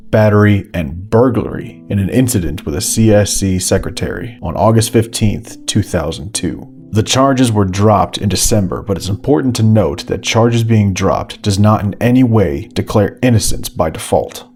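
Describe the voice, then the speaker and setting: Low-voiced man narrating a critical essay. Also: a little mellow. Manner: measured, critical, deliberate pauses. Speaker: documentary narrator. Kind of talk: scripted video-essay narration.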